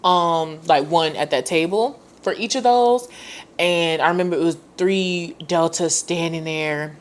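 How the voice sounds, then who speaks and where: A woman in her twenties hosting a podcast, telling a personal story in a casual, slangy way and acting out quoted dialogue with big jumps in pitch. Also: unhurried. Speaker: podcast host.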